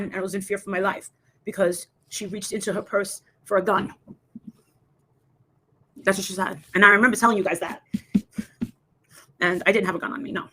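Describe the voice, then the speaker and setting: A woman with a medium-pitched, slightly bright voice, accompanied by a faint hiss or hum, tells a long, rambling story in a casual way. She's a livestream host, and she acts out the voices of the people in her tale.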